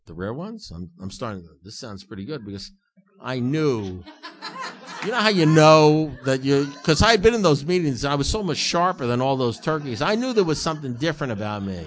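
A man's voice: medium pitch, big pitch swings, brisk. A man telling stories to a recovery group in an emphatic, repetitive, self-mocking way. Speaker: recovery meeting speaker. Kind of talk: storytelling talk to a group.

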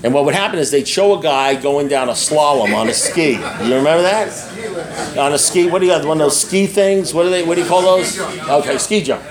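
An older man speaks to a recovery meeting in a brisk, slightly high voice with lively intonation, a crowd audible behind him. His candid personal talk is blunt and profane, repeating itself, and he often checks in with his listeners through asides.

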